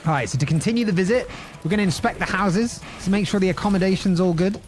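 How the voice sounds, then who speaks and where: A man's voice: high voice, quick pace, faint music behind. A young man, chatting playfully as he streams gameplay and greets viewers. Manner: playful, chatty, jokes and laughs often. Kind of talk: live-streamed gameplay commentary.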